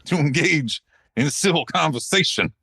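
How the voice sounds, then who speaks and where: A man putting on a deliberately bad Southern accent, playing an indignant old-time Southern gentleman who scolds with theatrical bluster. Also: fairly high pitch, lively intonation, breathy edge, no echo, full character voice. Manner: exaggerated put-on drawl, theatrical scolding.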